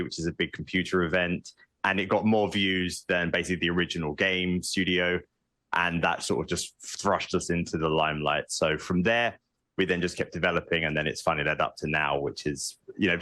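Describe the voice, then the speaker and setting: A man's voice: low-pitched, bright, forceful tone, dry recording. A man, a game developer, answering interview questions in a relieved way with frequent fillers.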